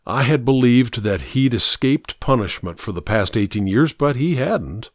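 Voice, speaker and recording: Casting note: male audiobook narrator, measured and grave, mid pitch with an expressive lilt, dry close studio sound. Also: dry recording. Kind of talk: first-person audiobook narration.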